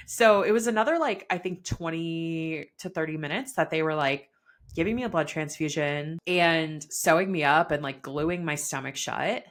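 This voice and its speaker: A young woman telling a personal story in casual chat, peppered with "like" and laughs, quoting herself and others in animated bursts. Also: fairly low pitch, normal speed. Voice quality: chatty, peppered with "like", laughs often. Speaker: podcast guest telling her birth story.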